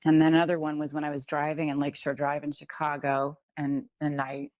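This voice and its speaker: A woman guest telling personal stories in an animated way, acting out the voices she quotes. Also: low voice, brisk, highs cut off. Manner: animated, acts out quoted voices, laughs often. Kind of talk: personal storytelling.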